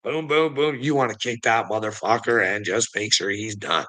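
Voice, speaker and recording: A man's voice: fairly low pitch, unhurried, pushed and bright. A man delivering a profane, mocking rant to the camera, taunting his target and laughing between jabs. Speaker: online commentator.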